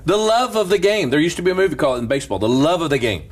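Lively husky-voiced preacher man. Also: fairly high pitch, rapid-fire. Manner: animated, laughing storyteller. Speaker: pastor. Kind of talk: casual storytelling chat.

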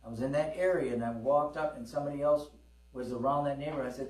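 This middle-aged pastor speaks quickly in a mid-range, slightly mellow voice, preaching through folksy personal testimony stories. He draws amens from his congregation in call-and-response. A distant mic captures the roomy church hall along with mains hum.

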